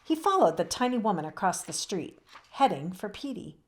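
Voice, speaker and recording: Woman reading a kids book aloud, bouncy lively voice, cozy storytime feel. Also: mid-range voice, normal speed. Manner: warm, expressive storytelling. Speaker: read-aloud host. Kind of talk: children's book read-aloud.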